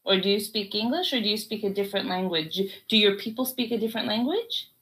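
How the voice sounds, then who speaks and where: A woman's voice: medium pitch, big pitch swings, fast, a bit bright. A woman hosting a playful pretend interview with a child in an improv exercise, using a theatrical, encouraging reporter tone.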